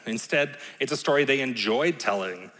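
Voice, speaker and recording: A man's voice: mid-range voice, animated, normal speed, a bit bright. A man preaching a sermon in a conversational, playful way, often checking in with the room. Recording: long reverb in a large hall.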